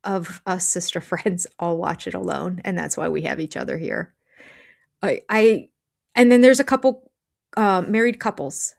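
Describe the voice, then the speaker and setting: An older woman hosting a live chat with viewers about a reality show, casual and animated, with restarts and quoted asides. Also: mid-range voice, measured pace, creaky. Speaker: livestream host of a reality TV recap channel.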